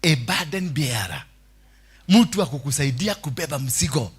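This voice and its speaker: High-pitched, fiery Kenyan preacher man. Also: lively intonation, normal speed, slightly rough. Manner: preaching with shouts, laughter and call-and-response. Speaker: pastor. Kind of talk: sermon.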